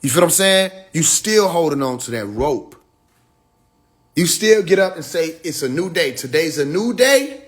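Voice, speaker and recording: A man with a slightly high voice talks loosely and warmly to his followers on a livestream. He slips into slangy storytelling, acts out the lines of the people in his stories, and laughs between his points while calling on his listeners directly. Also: very animated, moderate pace. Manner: slangy storytelling with acted quotes. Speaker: spiritual speaker on a livestream. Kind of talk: casual livestream talk to followers.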